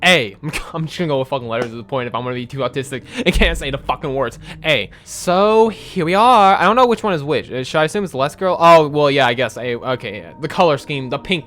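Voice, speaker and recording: A young man doing casual let's-play commentary, animated and rambling, swearing often as he talks. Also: a little high, quick pace, hardly any pauses, soft background music. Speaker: gaming video creator.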